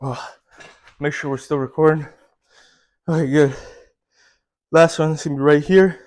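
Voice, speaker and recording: A man's voice: a little high, steady tone, normal speed, darkish tone. A man recording a workout vlog, out of breath, counting his reps aloud with strained grunts in between. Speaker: vlogger. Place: gym, indoors.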